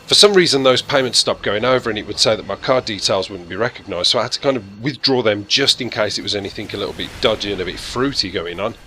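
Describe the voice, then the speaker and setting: A man in casual talk to his channel's viewers, rambling and poking fun at himself. His voice sits fairly low yet sounds bright and sharp-edged. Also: slight background noise. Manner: chatty, rambling, self-deprecating. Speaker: gaming YouTuber.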